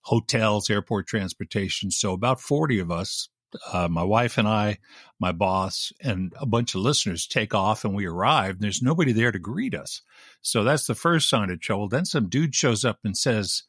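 A man's voice: on the low side, normal speed, slightly rough, dry recording. Dry-voiced man telling wry radio stories. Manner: animated anecdotes, wry, with laughs. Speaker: radio DJ guest. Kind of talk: casual storytelling chat.

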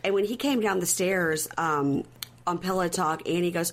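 A woman's voice: lowish voice, moderate pace. Chatty woman recapping a reality show. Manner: chatty, acts out quotes from the show. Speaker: podcast co-host.

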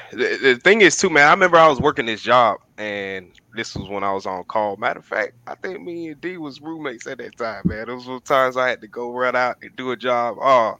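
A man co-hosting a podcast, telling stories in a casual, animated way with lots of slang. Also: medium pitch, a little fast, dry recording, low-quality recording. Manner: animated storytelling with slang, says "man" often. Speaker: podcast co-host. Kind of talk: casual chat.

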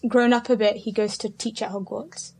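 A woman's voice: medium pitch, fairly even intonation, normal speed, a crowd in the background. A woman co-hosting a podcast in casual chat, telling her ideas hesitantly with fillers. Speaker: podcast co-host.

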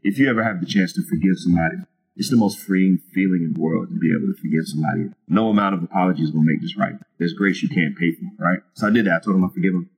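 A man's voice: low-pitched, racing, poor audio. A man telling his personal testimony as a guest in an interview, earnest and casual, with many fillers and restarts. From Virginia.

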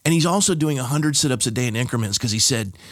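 A man's voice: mid-range voice, expressive, fast, dry recording, studio quality. A middle-aged pastor from California, a podcast guest, telling a personal story with emphasis and lifting his voice for the key moments. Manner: emphatic storyteller, lifts his voice for punch lines. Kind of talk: storytelling in an interview. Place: podcast studio.

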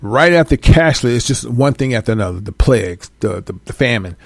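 A man giving an animated casual monologue to his viewers, swearing freely and laughing often. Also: mid-range voice, fairly quick, no echo. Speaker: host.

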